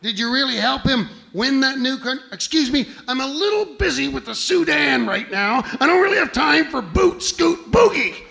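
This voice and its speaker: A man's voice: very high-pitched, very animated, moderate pace, creaky, hardly any pauses, bright, forceful tone, pitched above the performer's own voice, full character voice. A man voicing Jesus as a busy, impatient figure who brushes off an interviewer in curt, distracted bits.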